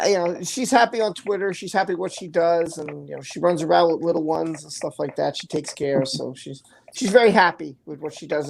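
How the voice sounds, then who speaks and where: A woman's voice: fairly low pitch, gravelly, slight background noise. Chatty New York woman hosting a livestream. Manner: chatty, reads viewer comments aloud, laughs easily. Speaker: host. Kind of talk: casual livestream chat.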